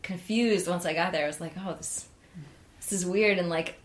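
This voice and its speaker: A young woman talking in a loose, chatty way, full of "like" and trailing restarts. Her voice sits a little low, but it leaps up when she acts out her own excited reactions. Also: normal speed. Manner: chatty, animated, many "like" fillers, jumps high acting out her own reactions. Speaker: interview guest. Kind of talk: casual storytelling.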